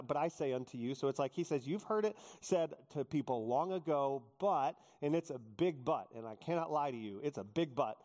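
A male pastor preaching a sermon, joking with the congregation and acting out quotes in animated storytelling. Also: fairly high pitch. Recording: long hall reverb.

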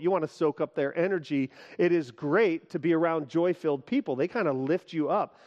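A man preaching a sermon from a church stage, energetic and leading the congregation through a laughter exercise. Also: on the high side, fairly quick, few pauses, lo-fi sound. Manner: energetic, leads the crowd in laughter. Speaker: pastor.

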